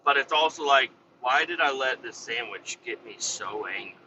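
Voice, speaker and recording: A man's voice: medium pitch, lively intonation, normal speed, sharp tone, muffled recording, a little hiss or hum. A man, a podcast host who works as a vac truck operator, telling a story in a profane, exasperated, rambling rant. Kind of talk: casual ranting storytelling.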